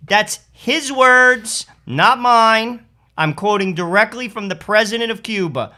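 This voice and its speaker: A man's voice: sits high, a little slow, pushed and bright. A man co-hosting a political talk show, reading news quotes with rising force. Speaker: podcast co-host.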